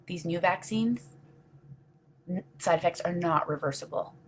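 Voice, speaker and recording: There's a little hiss or hum behind this middle-aged woman, whose voice is lowish and unhurried. Hosting a casual live video, she rambles through viewer comments earnestly and from the heart, often saying "you know."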